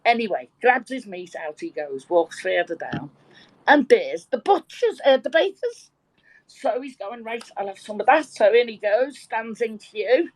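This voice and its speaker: Husky woman telling a joke. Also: fairly high pitch, unhurried, poor audio. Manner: lively, animated storytelling with swearing. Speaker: participant in an online audio chat room. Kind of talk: telling a joke in casual chat.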